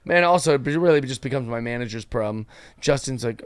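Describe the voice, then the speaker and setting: A man's voice: mid-range voice, brisk. A man hosting a comedy podcast, chatting casually and acting out other people's lines as he tells stories. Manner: animated storyteller acting out quotes. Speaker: podcast host.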